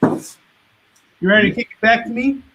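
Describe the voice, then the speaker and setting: A man's voice: very high-pitched, moderate pace, background noise. A man hosting a live comic book sale, running through titles and prices in hustling sales patter. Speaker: host selling comics on a live stream. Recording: distant dull lo-fi stream audio.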